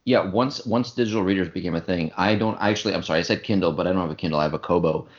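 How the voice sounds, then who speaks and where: A man's voice: deep voice, racing. A man co-hosting a podcast in casual chat, emphatic and opinionated. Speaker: podcast co-host. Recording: dull lo-fi sound.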